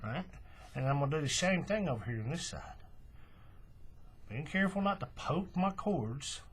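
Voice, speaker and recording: Husky man talking through a craft tutorial. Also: on the high side, normal speed. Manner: relaxed, folksy step-by-step explaining. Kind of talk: hands-on tutorial walkthrough.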